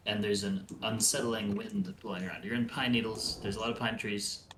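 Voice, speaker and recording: A man narrating a tabletop game as game master, with relaxed storytelling and hesitant fillers. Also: fairly low pitch, fairly quick, echoey room, background noise.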